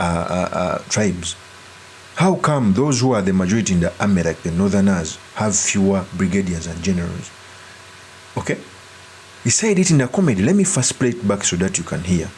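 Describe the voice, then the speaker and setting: A man giving earnest, deliberate political commentary and breaking off to restart his sentences. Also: deep voice, lively intonation, darkish tone, slight background noise.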